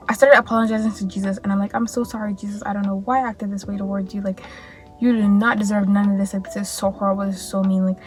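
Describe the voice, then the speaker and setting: A woman's voice: mid-range voice, fairly bright tone. A young woman telling her faith testimony in a casual, rambling way, full of "like" and restarts. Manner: rambling, heavy use of "like" and self-corrections. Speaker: vlogger sharing her testimony.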